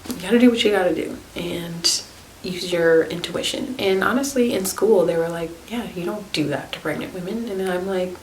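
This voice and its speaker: A young woman with a slightly low voice chats through a story, full of "like" and "um" and quick laughs. She sounds like she is in a roomy space, with a faint hiss under the recording. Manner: chatty, filler-heavy, laughs often. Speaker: naturopathic podcast host. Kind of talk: casual storytelling monologue.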